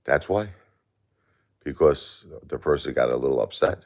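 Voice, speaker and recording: A man's voice: extremely low pitch, moderate pace, darkish tone. A grieving man hosting a live stream, talking in an aggrieved, plaintive, repetitive way and answering chat. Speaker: livestream host.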